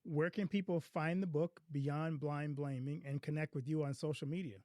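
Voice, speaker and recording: A man's voice: on the high side, fairly even intonation, moderate pace, mellow, no room sound, clean studio sound. A man hosting a podcast, asking questions and giving short, encouraging responses. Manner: brief, encouraging reactions. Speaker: podcast host. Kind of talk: podcast interview.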